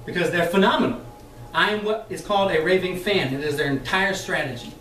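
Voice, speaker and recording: A man leading a sales training session for a live group, talking in a lively, chatty way, laughing often and acting out the voices he quotes. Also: high voice, a little fast. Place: meeting room with an audience. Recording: echoey room, mic far off.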